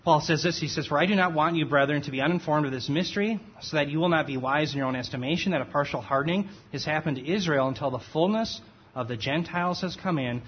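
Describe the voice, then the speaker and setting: A man delivers a conversational expository sermon in a fairly high, husky voice. He keeps checking in with his listeners and pauses to correct his own slips. The recording sounds dull and muffled. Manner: conversational, checks in with "okay?", self-correcting, laughs at himself. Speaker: pastor.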